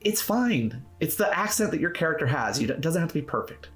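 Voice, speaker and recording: A man's voice: a little high, big pitch swings, quick pace, fairly bright tone, soft background music. A man hosting a tabletop roleplaying tips video, talking casually and encouragingly to camera in an upbeat, conversational way. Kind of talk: casual instructional talk to camera.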